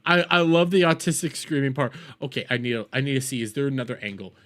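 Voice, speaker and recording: A man's voice: medium pitch, expressive, fast talker, a bit bright, slight background noise. A young man casually reacting to clips on a stream, crude and swearing, repeating his words as he goes.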